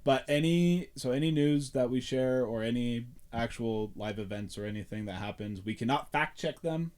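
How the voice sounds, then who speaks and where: A man's voice: mid-range voice, normal speed, a little mellow. A man hosting a podcast, telling a rambling story in casual chat and laughing often. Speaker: podcast host.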